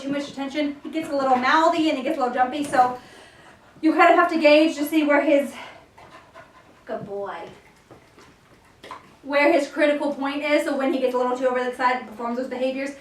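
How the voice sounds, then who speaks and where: Young woman dog trainer, high voice, explains stuff between commands, echoey room, kinda far from the mic.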